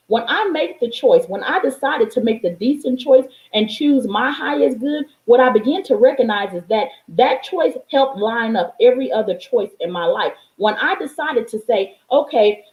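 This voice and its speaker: A woman, a life coach and mother, speaks straight to her viewers in a forceful, preachy monologue. She repeats key lines for emphasis and swears freely. Her voice sits a bit high, and the room around her is echoey. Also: lively intonation, normal speed, hardly any pauses. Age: adult, parent of a young child. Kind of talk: motivational vlog monologue.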